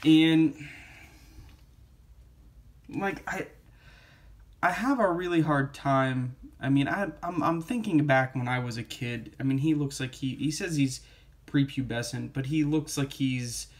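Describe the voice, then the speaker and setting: A man's voice: medium pitch, unhurried, pauses often. A young man reviewing a comic book in a casual, rambling way, with many fillers and quotes read aloud.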